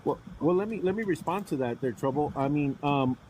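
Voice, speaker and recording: A man's voice: a little high, lively intonation, fairly quick, dark tone, a little hiss or hum, poor audio. A man hosting a live trucking podcast. He asks probing questions and often restarts and repeats himself. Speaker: podcast host.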